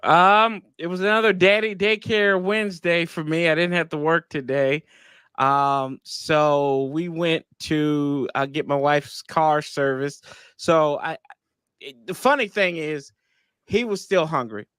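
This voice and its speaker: Dad on a sports podcast, bright, highish voice, dry close mic, rambles through stories. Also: male voice, measured pace, clean tone, no room sound. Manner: rambling storyteller, animated retellings. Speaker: podcast co-host. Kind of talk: casual chat.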